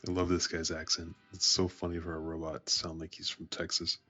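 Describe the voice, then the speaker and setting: A man leading his team through a game in relaxed, casual voice chat. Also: low-pitched, fairly quick, soft background music. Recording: dull lo-fi voice chat.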